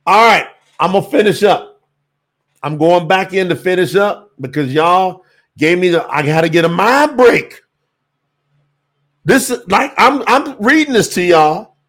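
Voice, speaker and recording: A man teaching scripture on a livestream, preacherly and animated, bursting into shouts. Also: high-pitched, measured pace, long pauses. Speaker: Bible teacher and livestream host.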